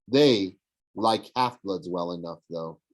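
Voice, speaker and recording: A man's voice: low-pitched, slow, pitched below the performer's own voice, rough recording. A man voicing a smug, sneering young villain who mocks and tempts. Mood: mocking. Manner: sneering, mocking. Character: smug young male villain, mocking and persuasive.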